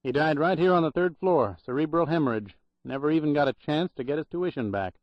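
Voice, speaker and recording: A man's voice: fairly high pitch, fairly quick, no echo, pitched above the performer's own voice, lightly acted. A man doing a cocky young streetwise clerk. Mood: jaunty. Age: young adult. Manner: slangy, jaunty delivery. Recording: dull dry audiobook recording.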